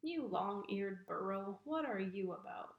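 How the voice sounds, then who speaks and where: A woman's voice: medium pitch, animated, a little slow, phone-quality sound. A woman storyteller voicing a rude, bossy male little ram that scolds everyone who comes near, in a roomy space. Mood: scolding. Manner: scolding, blustering. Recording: roomy echo.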